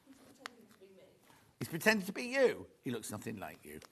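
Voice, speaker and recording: A man presenting a live shopping show in a studio, chatty and rambling with quick asides. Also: medium pitch, wildly swooping pitch, breathy edge. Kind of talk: live selling chat.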